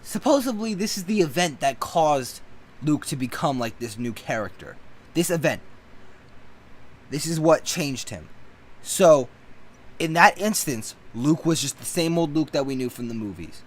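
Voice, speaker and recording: A man's voice: on the high side, lively intonation, a little slow. A man reviewing a movie in a casual, blunt and profane opinion rant that keeps getting worked up.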